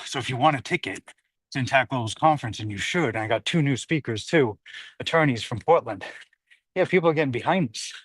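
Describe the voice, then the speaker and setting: A slightly winded man chats through a livestream while walking uphill outdoors. He rambles from point to point and reads out viewer comments as he goes. His voice is mid-pitched and sounds dry and close, with no room echo. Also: fairly bright tone. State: slightly out of breath. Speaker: livestream host. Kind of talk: casual livestream talk while walking a dog. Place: outdoors on a hillside street.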